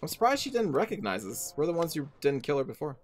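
A man's voice: on the high side, big pitch swings, fast, slight background noise. A man giving casual let's play commentary, musing aloud and reading game text. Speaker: game streamer.

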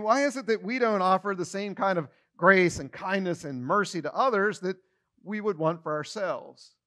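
A man's voice: high-pitched, a bit bright. A man pastor giving a conversational sermon, often repeating words as he starts a phrase and acting out everyday quotes with a shifting tone.

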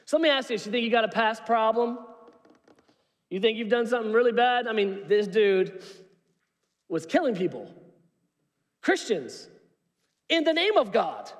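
Man, pastor, high voice, animated humorous sermon, long church reverb. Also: normal speed, pauses often. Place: church sanctuary. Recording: long reverb of a large hall.

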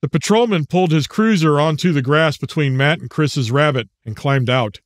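A man narrating his own audiobook in a measured, even storytelling manner. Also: a little high, no room sound, studio quality.

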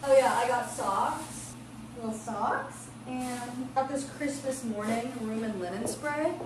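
Brief: chatty young female vlogger, higher voice, roomy sound with background noise. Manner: bubbly, quick, chatty. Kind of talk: casual vlog chat. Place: home and stores. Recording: echoey room with noise.

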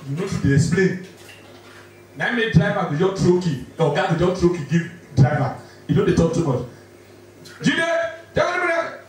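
A Nigerian male stand-up comedian with a high voice trades rapid, Pidgin-laced banter in a large indoor venue, laughing often. The mic is far off in an echoey hall, with a loud crowd and slight background noise.

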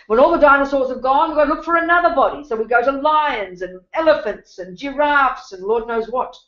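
An Australian woman gives a Buddhist teaching talk to a class in a blunt, emphatic way, calling her listeners honey and sweetheart. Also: mid-range voice. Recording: roomy, dull lecture-room recording.

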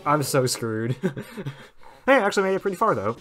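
A man's voice: fairly high pitch, big pitch swings, fairly quick, a bit bright, soft background music. A man giving casual gameplay commentary with wry, sarcastic asides. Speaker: let's play gamer.

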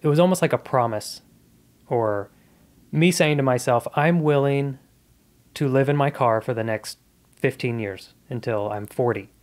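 A man's voice: mid-range voice, normal speed. A man in his thirties, a comedian guest on a podcast, telling his life story in a casual, earnest and reflective way.

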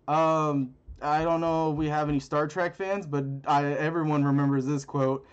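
A man's voice: a little high, fairly even intonation, slow pace, clean tone, dull audio. A man rambling through a casual card-opening video with crude jokes and lots of fillers, recorded on a phone. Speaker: channel host.

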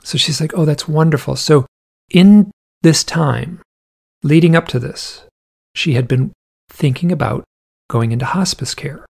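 His voice sits fairly high, gravelly and husky yet a little mellow, and he speaks a bit slowly with frequent pauses. As an interview guest, this man meanders casually through a story with many "like" asides, acting out the voices of the people involved.

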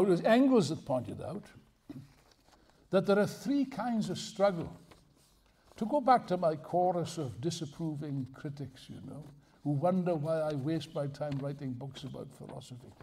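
An older man with a gravelly, husky voice delivers a live lecture to an audience. His delivery swings lively up and down, digressing into dry jokes before pressing his points with force. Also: on the high side, normal speed. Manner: humorous, digressive, emphatic. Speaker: speaker at a political festival.

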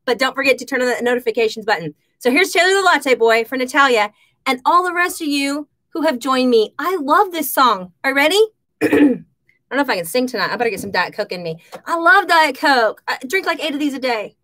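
Chatty lady on a live stream, pretty high voice, calling out viewers by name. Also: expressive, a little fast, a bit bright. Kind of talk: casual live-stream chat. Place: home kitchen.

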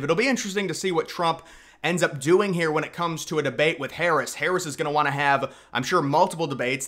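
A man's voice: fairly high pitch, pushed and bright. A young man giving opinionated political commentary, emphatic and sarcastic, with frequent restarts.

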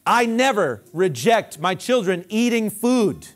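High-voiced, lively preaching pastor. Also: male voice, slow. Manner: emphatic preaching with repeated phrases. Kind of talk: sermon.

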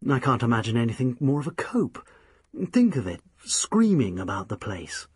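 A man's voice: mid-range voice, wildly swooping pitch, moderate pace, a little mellow, husky, dry recording, studio quality. A man narrating a novel in the first person, offhand and casual in manner. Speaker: audiobook narrator.

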